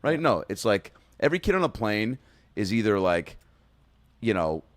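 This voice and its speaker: Low-voiced riffing podcast host. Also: male voice, big pitch swings, moderate pace, no echo. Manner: riffing, jokey, swearing. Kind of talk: casual podcast chat.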